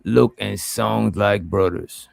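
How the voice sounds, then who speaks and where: A man's voice: lowish voice, takes it slowly, gravelly, noisy background. A man hosting a casual call-in show, easygoing, reading out viewer comments. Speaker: host.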